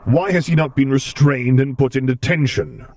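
A man reading a story, voicing a menacing armored dark lord who barks sharp, forceful commands. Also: medium pitch, moderate pace, dry recording, voice pushed up, close to an everyday voice. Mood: angry.

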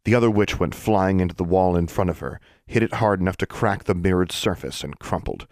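The narrator is a deep-voiced man reading an audiobook script in a steady, measured manner. The studio sound is clean, with no room sound.

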